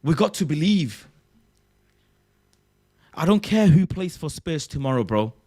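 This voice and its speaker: An excitable young man streaming a casual chat, his slightly high voice leaping up and down as he repeats himself for emphasis. He talks in an unhurried, drawn-out way and keeps tacking on "bro". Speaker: livestream host.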